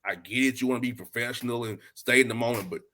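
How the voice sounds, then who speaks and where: A man's voice: mid-range voice, quick pace, pushed and bright. A man from Atlanta, a podcast host talking as a guest in a casual chat, blunt and emphatic, with streetwise slang. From Atlanta, Georgia, US.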